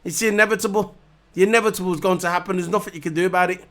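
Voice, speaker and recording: Casting note: man, high voice, heated mocking vlog rant full of repetition. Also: fairly even intonation, rapid-fire, fairly bright tone. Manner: heated, repetitive, mocking, hammers points over and over. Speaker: vlogger reviewing races. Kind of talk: ranting casual monologue to camera.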